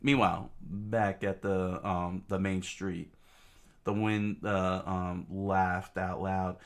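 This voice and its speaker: A man reading a comic aloud in a casual, halting way, with many fillers and asides about the panels. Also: low-pitched, level tone. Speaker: reader of a comic.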